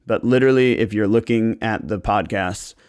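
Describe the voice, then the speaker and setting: A man who is a real estate agent hosts a casual podcast chat, telling stories and acting out his clients' lines with loose, profane language. He's an animated storyteller with a fairly low-pitched, clean-toned voice at normal speed.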